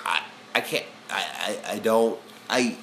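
A man co-hosting a casual podcast chat, talking in a profane, excitable way and breaking into loud shouted bits. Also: lowish voice, measured pace. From Alabama. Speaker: podcast co-host. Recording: echoey room with faint ambient noise.

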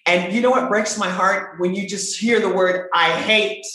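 A woman's voice: mid-range voice, moderate pace. A woman voice coach talking in a casual interview, playful and emphatic, repeating her points. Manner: animated, playful, emphatic repetition. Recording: very echoey room.

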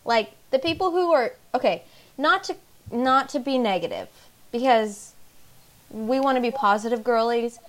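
A young woman co-hosting a casual podcast, her voice sitting a little high. She rambles, giggles often and speaks bluntly. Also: lively intonation, normal speed, a bit bright. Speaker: podcast co-host. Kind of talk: casual chat.

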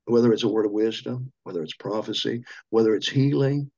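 Guy talking like a preacher, kinda husky, muffled lo-fi audio. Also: on the low side, brisk, a little mellow. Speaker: podcast guest, minister. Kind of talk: casual chat.

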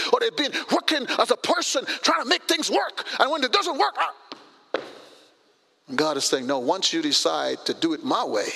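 A man in his sixties preaching a sermon as pastor, animated, acting out conversations with sudden jumps in pitch. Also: creaky, slightly rough, big-room sound.

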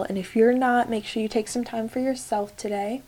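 A woman's voice: fairly high pitch, fairly even intonation, normal speed, a little mellow. A young woman hosting her solo podcast in casual chat, talking to her listeners and joking at herself with many fillers. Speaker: podcast host.

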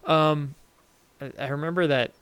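Young male podcast co-host, smooth, dry close sound, rambling chatty delivery. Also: fairly high pitch, fairly even intonation, normal speed, fairly bright tone, no room sound. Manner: rambling, self-interrupting, laughs easily. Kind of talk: casual chat.

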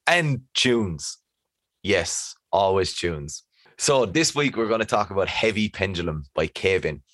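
A man's voice: low voice, animated, a little slow, a bit bright, no echo, clean studio sound. A young man co-hosting a podcast in a laid-back, easygoing chat. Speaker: podcast co-host. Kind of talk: casual chat.

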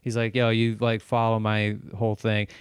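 A stand-up comedian spins a wild tale in relaxed conversation, his voice low and smooth. The sound is close and dry, like a studio podcast. He gets loud and animated, swears freely and plays out the lines people said. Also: normal speed, no echo. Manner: animated, profane, restarts and acts out quotes. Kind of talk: casual storytelling chat.

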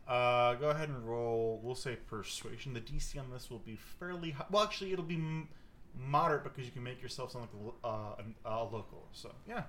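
A man's voice: mid-range voice, brisk, fairly bright tone, a little hiss or hum. A man narrating a tabletop game as game master, rambling with many fillers. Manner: rambling, filler-heavy narration with bursts of silly voices.

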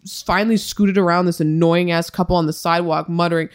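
A young woman co-hosting a podcast, telling a story in a casual, animated and profane way. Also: on the low side, fast, clean tone. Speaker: podcast co-host.

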